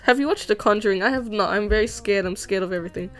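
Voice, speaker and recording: A young woman streaming as she animates, chatting casually in a rambling, excitable way and laughing often. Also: medium pitch, fast, few pauses, faint music behind. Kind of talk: casual chat while drawing on stream.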